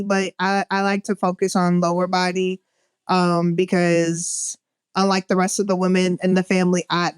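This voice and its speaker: A woman co-hosts a casual podcast chat. She speaks slowly, with a smooth, clear voice, close and dry. She tells stories in an animated way. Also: medium pitch, dry recording. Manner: animated storyteller, mimics gym noises. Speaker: podcast co-host.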